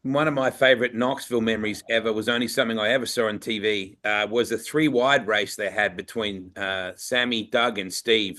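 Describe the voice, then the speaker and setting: A man's voice: on the low side, sharp tone. An Australian man hosting a casual podcast, telling stories eagerly. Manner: eager storytelling. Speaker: podcast host.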